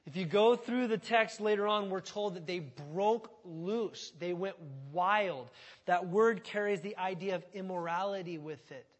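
Pastor guy preaching, high voice, gets loud then goes real quiet. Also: a little slow. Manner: animated storytelling, wide swings from loud to hushed. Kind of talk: sermon.

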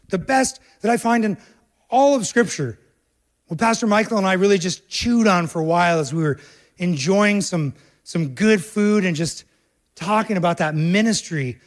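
This is a man preaching to his church, speaking right to the congregation. His delivery is emphatic, alternating between soft, low moments and loud, pressing ones.

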